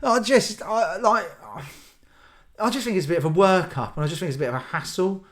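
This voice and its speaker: A man's voice: high voice, a little fast. A young man ranting casually in a solo vlog, rambling and acting out little scenes in silly voices. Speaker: vlogger.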